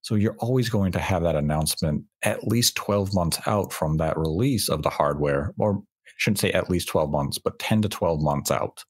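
A man's voice: deep voice, husky. A man hosting a casual podcast discussion, explaining his points at length in an analytical way. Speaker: podcast host.

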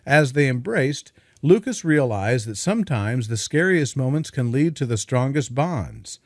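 Male storyteller, dramatic read with a lively, swinging pitch and a dry, close sound. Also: a little slow, no echo. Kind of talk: scripted story narration.

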